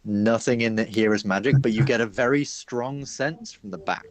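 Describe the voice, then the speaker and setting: A man narrating as game master of a tabletop game, chatty and quick to laugh. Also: lowish voice. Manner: chatty, laughing, lots of fillers.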